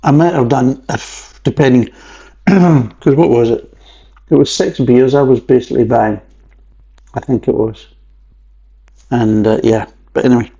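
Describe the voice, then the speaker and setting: Scottish male beer vlogger, mid-pitched, rambling and jokey, slightly muffled recording. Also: a little slow, gravelly, pauses often, dark tone. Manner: rambling, chatty, with jokey asides. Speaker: beer reviewer. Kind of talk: casual vlog review. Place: at home at a table.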